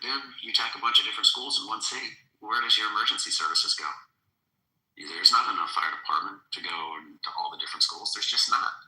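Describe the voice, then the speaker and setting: A man's voice: fairly low pitch, sharp tone, echoey room, low-quality recording. A man hosting a podcast in casual political talk, earnest and making his points with emphasis. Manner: earnest, building to alarmed emphasis. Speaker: podcast host.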